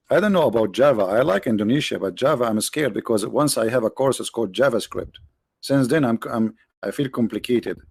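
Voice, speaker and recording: A man's voice: lowish voice, a little mellow, husky, dry recording. Joking man. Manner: joking, sarcastic, rambling. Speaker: online show host. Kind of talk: live-streamed religious talk with viewers.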